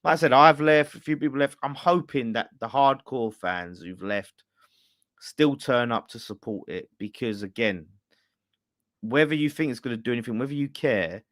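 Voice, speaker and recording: A man's voice: medium pitch, moderate pace, a bit bright, no echo, clean studio sound. A man, presenting a fan channel, ranting bluntly and swearing in casual chat. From England.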